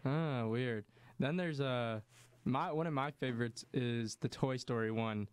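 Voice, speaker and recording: A man's voice: mid-range voice, moderate pace, clean tone. A young man co-hosting a campus show, chatting in a laid-back way. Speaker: co-host. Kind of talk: casual chat.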